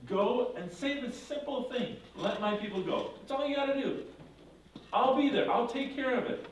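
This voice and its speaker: A man's voice: very high voice, normal speed, slight background noise, pitched above the performer's own voice. A man voicing God as a commanding male figure who insists and reassures, urging emphatically during a lesson. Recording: echoey room from far off.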